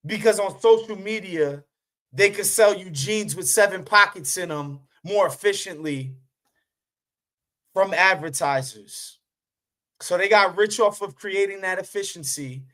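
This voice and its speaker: Animated man ranting casually. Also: fairly high pitch. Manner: animated, profane, many fillers. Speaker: podcast host. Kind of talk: casual political commentary.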